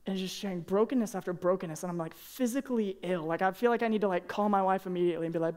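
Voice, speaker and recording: Earnest young youth pastor. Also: male voice, sits high, fast, darkish tone. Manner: casual, earnest, peppered with "man" and "like". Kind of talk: youth sermon.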